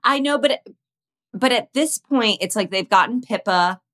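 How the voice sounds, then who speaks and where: A woman co-hosting a casual podcast, talking through a TV episode. She is chatty and animated and often calls out to the characters on screen. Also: fairly high pitch, unhurried. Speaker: podcast co-host. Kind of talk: casual chat recapping a TV show.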